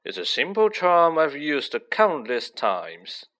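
A showy, self-satisfied wizard professor , put on by a man reading a storybook, who talks loudly and brightly. His pitch swoops up high as he breezes past every mishap. The tone is crisp and forceful. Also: wildly swooping pitch, slow, exaggerated voice. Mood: breezy, confident. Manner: loud, bright, breezy and overconfident. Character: vain, showy male wizard teacher, falsely reassuring.

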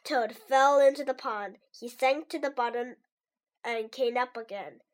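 A woman's voice: on the high side, unhurried. A woman whose first language is Mandarin Chinese, hosting a children's story show and reading a story aloud in a sweet, upbeat, teacherly tone. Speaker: children's story podcast host.

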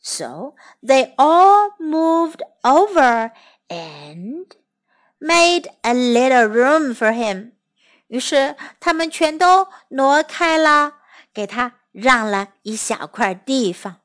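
A woman reading a children's story aloud in an expressive, clear and slow way. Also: high-pitched.

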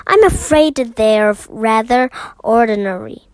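A woman voicing a polite, earnest young male bear in a storybook reading, speaking slowly and apologetically. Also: a little high, expressive, clear, resonant tone, no echo.

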